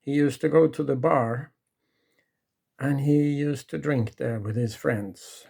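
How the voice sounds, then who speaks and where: Slow, gravelly male storyteller. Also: mid-range voice, fairly even intonation, a little mellow. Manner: halting, with restarts and pauses. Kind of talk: retelling a true story from memory.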